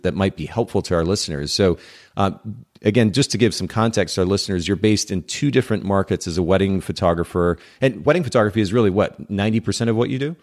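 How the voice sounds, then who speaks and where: A man's voice: deep voice, a little mellow. A man hosting a podcast, chatting casually with a guest on a video call and often restarting his sentences. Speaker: podcast host. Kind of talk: casual interview chat. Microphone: remote call with guest over Zoom.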